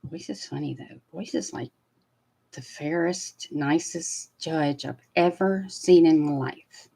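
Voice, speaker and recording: A woman's voice: sits low, slow, creaky, poor audio. Blunt, cussing woman commentator. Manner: blunt, swearing, animated and opinionated. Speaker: commentary host. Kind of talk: casual live trial commentary.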